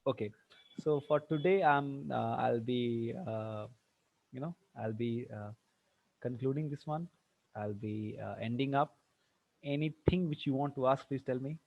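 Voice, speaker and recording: A man teaching an online tutorial, firing quick questions at students and slipping into Hindi. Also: mid-range voice, vocal fry. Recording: dull lo-fi dry sound.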